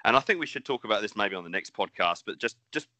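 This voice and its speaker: A middle-aged man with a New Zealand accent co-hosts a casual podcast, rambling, swearing, and laughing often. His lowish voice is expressive, fast, bright, and forceful, with no echo.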